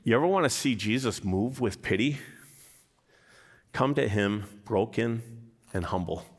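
A man preaching a sermon as pastor, animated, acting out quotes in different voices. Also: lowish voice, unhurried, in a large hall.

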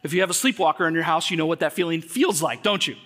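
High-voiced guy preaching in church, pretty bright, chatty, keeps asking the crowd stuff. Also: fast. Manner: conversational, asks the congregation questions. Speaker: pastor. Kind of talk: sermon.

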